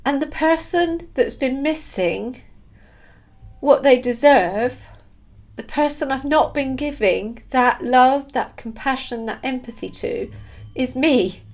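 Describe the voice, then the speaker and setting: Slow, halting woman sharing spiritual insights. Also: high voice, expressive. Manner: halting, searching for words with many restarts; earnest and openly emotional. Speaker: spiritual vlogger. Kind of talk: reflective spiritual monologue.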